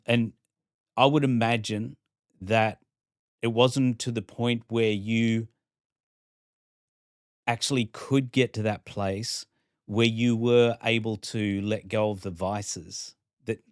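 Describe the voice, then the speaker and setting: A man interviewing a guest on his podcast, affirming what she says and repeating words for emphasis. His pitch is mid-range for a man. The recording is close and dry, with no room echo. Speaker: podcast host.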